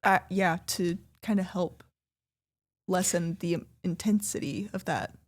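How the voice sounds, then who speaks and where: On a laid-back couples podcast, this female co-host is lively and quick to laugh. When she drives a point home, her voice leaps upward in pitch.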